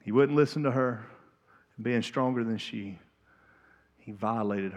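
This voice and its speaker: A man preaching a sermon in a church, emphatic, swinging from hushed to loud and pleading. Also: medium pitch, unhurried, pauses often. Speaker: pastor. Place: church sanctuary.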